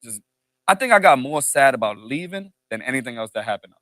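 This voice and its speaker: Excited bright-voiced man on a podcast. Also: mid-range voice, brisk, no echo. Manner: excited, laughing, slangy. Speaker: podcast co-host. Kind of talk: casual chat.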